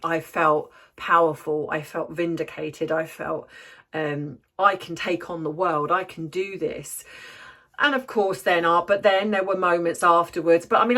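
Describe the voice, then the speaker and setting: A woman, a therapist and life coach, telling a personal story to camera in a reflective, candid way and often pausing to find her words. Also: lowish voice, fairly bright tone. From United Kingdom.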